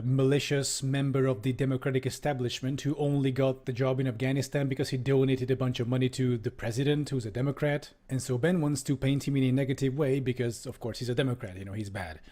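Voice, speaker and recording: A man's voice: mid-range voice, warm tone. A man streaming, reading a book aloud and commenting on it in a casual tone, with lots of swearing and laughter.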